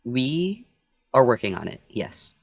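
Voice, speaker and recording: A man playing in a tabletop game, speaking in a halting, hesitant way. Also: mid-range voice, very animated, gravelly, no room sound. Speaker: player. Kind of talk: casual tabletop play.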